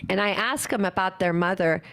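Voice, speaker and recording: A middle-aged woman giving an earnest, animated conference talk on parenting, acting out parents and children as she goes. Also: mid-range voice, fairly quick. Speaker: parenting speaker.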